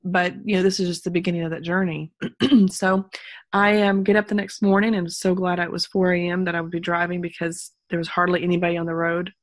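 A woman's voice: on the low side, little pitch movement, fairly quick, no echo, clean studio sound. A woman from Texas telling a personal story in a casual interview, rambling with many ums and restarts and sincere talk of faith. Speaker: guest telling her story.

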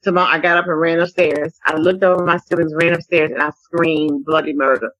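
A woman from Dallas, Texas, giving personal testimony as a podcast guest, speaking earnestly in a halting way with repeated phrases. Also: sits low, fairly even intonation, fairly bright tone, no echo, rough recording. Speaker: podcast guest, survivor advocate.

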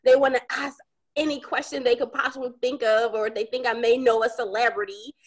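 A woman's voice: on the high side, a little fast. American woman chatting with laughs. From United States. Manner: relaxed, laughs while telling her story. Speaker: podcast guest. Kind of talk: casual chat.

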